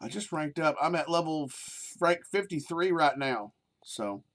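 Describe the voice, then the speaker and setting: A man's voice: on the high side, animated, a little slow, fairly bright tone. Rambling, profane streamer guy. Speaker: game streamer. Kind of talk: casual live-stream chat.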